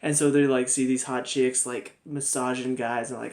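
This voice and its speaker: Young male reviewer, mid pitch, casual and rambling, many fillers. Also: fairly even intonation, a little fast, hardly any pauses. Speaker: TV review vlogger.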